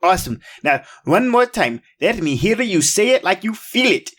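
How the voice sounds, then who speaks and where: A man hosting a children's show, coaxing viewers through slow, emphatic call-and-response. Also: sits high, sing-song, fairly bright tone, breathy edge. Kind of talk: upbeat kids' show hosting.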